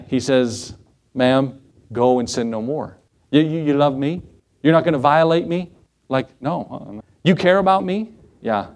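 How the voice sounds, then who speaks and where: A middle-aged male pastor preaching a sermon, swinging his pitch and pace as he acts out Bible scenes. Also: a little mellow.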